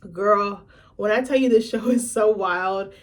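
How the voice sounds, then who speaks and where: A young adult woman chats straight to her viewers in a loose, blunt vlog style. She swears freely and drifts into lively asides, her voice sitting at an ordinary middle pitch. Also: a little slow. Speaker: vlogger. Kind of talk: casual chat to camera.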